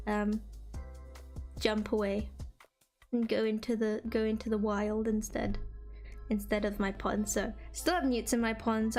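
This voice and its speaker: Chirpy high-voiced young woman streamer. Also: darkish tone. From England. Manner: rambling, filler-heavy, chirpy. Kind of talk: casual chat with viewers. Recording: faint music behind.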